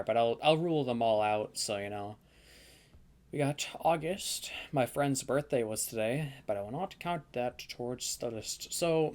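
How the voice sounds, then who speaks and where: Rambling young man thinking aloud. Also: medium pitch. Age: young adult. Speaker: vlogger ranking the months. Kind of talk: casual tier-list commentary.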